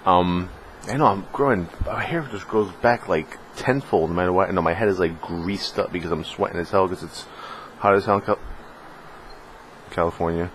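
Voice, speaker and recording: A man talking casually on his late-night gaming vlog, rambling and excitable, full of fillers. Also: sits low, normal speed, a little hiss or hum. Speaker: gaming vlogger. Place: home room in California.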